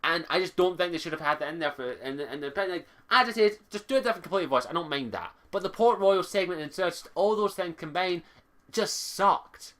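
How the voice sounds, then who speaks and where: High, bright-voiced Scottish guy ranting. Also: a little fast. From Scotland. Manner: exasperated, swears constantly, repeats himself. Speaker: game reviewer. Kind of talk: ranting game review.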